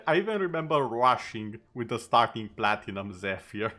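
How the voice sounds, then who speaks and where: A man's voice: on the low side, sing-song, moderate pace, a bit bright. A male streamer in casual chat over gameplay, talking easily and tossing in sarcastic asides.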